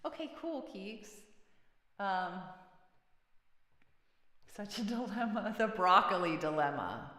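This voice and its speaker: A woman's voice: mid-range voice, slow pace, pauses often, a bit bright. Chatty woman streamer in a reverberant room. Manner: chatty, laughs often, reads chat aloud. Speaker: singer-songwriter livestream host. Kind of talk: casual livestream chat with viewers. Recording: roomy with long reverb.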